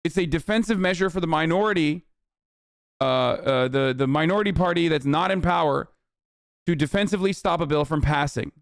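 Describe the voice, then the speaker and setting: Male streamer, heated and foul-mouthed, slightly higher voice, talking to chat. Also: brisk, no echo, clean studio sound. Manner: profane, heated, sarcastic. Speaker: streamer reacting to news. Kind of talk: angry political rant to chat.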